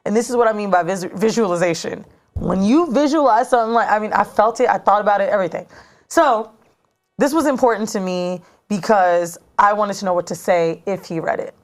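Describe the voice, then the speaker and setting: A woman in her thirties telling a story in casual chat as a podcast co-host, animated and slangy, recorded in a studio. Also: medium pitch, a little fast. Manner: animated, slangy, dramatic retelling.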